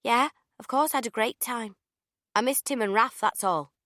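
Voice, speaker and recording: A woman's voice: fairly high pitch, normal speed, fairly bright tone, dry recording, clean studio sound, pitched above the performer's own voice, lightly acted. A woman reading an audiobook, voicing an anxious young woman who pleads and turns tearful. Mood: chirpy. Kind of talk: audiobook character voice.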